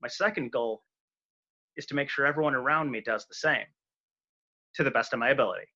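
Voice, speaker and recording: A man's voice: medium pitch, brisk, bright, forceful tone, highs cut off. A young man joining a casual chat as a guest over a video call, upbeat and affectionate.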